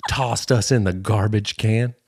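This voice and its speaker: A man's voice: fairly low pitch, steady tone, unhurried, darkish tone, husky, dry recording, clean studio sound. A man co-hosting a podcast in casual comedic chat, joking and slipping into silly voices, recorded at a microphone in a room. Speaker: podcast co-host.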